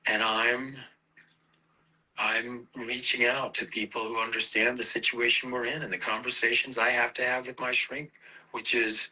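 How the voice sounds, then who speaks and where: A man giving a halting, earnest personal statement, choking up at times. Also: medium pitch, steady tone, bright, forceful tone, breathy edge, poor audio.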